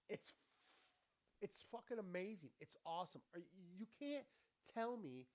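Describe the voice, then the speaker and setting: A man's voice: high-pitched, lively intonation, normal speed, a little mellow. A man hosting his own show, talking in a rambling, profane motivational monologue and laughing often. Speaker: podcast host. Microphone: camera with ring light.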